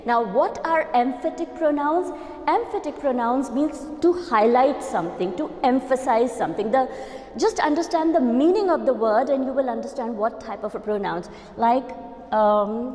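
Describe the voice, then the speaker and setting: A woman with an Indian English accent gives a grammar lecture in a fairly high voice. She explains step by step, repeats her key terms and keeps checking in with her listeners. The sound rings with long reverb, as if from a large echoey room. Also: animated, normal speed, a little mellow.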